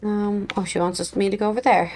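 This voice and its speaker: A woman's voice: mid-range voice, level tone, fast, a little mellow. A woman streaming a video game, chatting casually and joking with a playful manner. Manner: playful, joking, laughs often. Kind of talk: casual gaming stream commentary. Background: faint game music.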